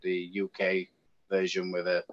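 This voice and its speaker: A man's voice: low-pitched, normal speed, a little hiss or hum. A man with an English accent, chatting casually as a guest and ranting with feeling. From United Kingdom. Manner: animated, ranting. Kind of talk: casual chat. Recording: dull lo-fi sound.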